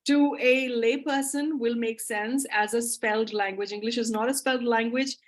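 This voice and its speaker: A woman's voice: on the high side, steady tone, normal speed, hardly any pauses. A woman English teacher answering audience questions in a live webinar, talking with eager enthusiasm. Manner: enthusiastic, explanatory.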